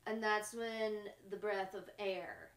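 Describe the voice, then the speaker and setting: Slow, musing woman in an echoey room. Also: medium pitch, steady tone, a bit bright. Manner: slow, musing, trailing phrases with frequent laughs. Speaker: podcast host. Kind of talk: reflective spiritual monologue.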